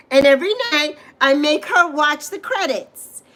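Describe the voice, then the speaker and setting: A woman's voice: high voice, slow, pauses often, bright, forceful tone, poor audio. A middle-aged woman from the Virgin Islands hosting a casual livestream, chatting and rambling between stories and greeting viewers by name. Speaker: livestream host.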